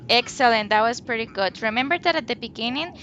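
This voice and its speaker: A woman teaching an online English lesson, speaking slowly and deliberately and exaggerating rising and falling intonation in her examples. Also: on the high side, expressive, fairly bright tone, lo-fi sound, slight background noise.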